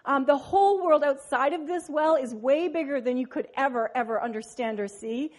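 Matter-of-fact birds talk in a slightly lower, even voice, as a woman puts them on, explaining things calmly. It sounds like a storyteller's gentle aside. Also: normal speed, close to an everyday voice.

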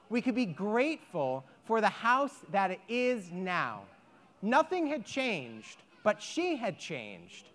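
A woman telling a folk tale to children, animated and inviting them to join in. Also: mid-range voice. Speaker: storyteller leading children. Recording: echoey hall.

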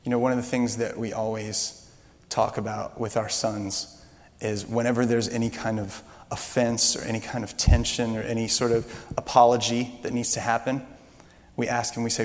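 Male pastor, mid-range voice, animated storyteller, long hall reverb. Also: medium pitch, normal speed. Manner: animated storytelling, rising loud when excited. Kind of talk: sermon.

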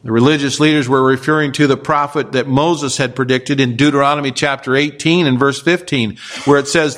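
A pastor preaching a sermon, explaining scripture with rhetorical questions and occasional fillers. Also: male voice, mid-range voice, fairly even intonation, a little fast, few pauses, fairly bright tone. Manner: expository preaching with rhetorical questions and acted quotes; frequent fillers and restarts.

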